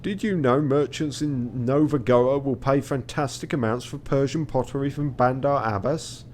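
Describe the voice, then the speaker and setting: A man voicing a pompous airship captain in a game, declaiming his lines loudly and slowly. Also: mid-range voice, a little hiss or hum, voice pushed up, close to an everyday voice. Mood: proclaiming.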